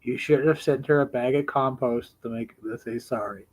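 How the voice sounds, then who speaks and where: A man of middle pitch cuts in with brief, joking remarks. He keeps each comment short and dry-humored. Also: moderate pace. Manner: wisecracking, short interjections. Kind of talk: casual chat.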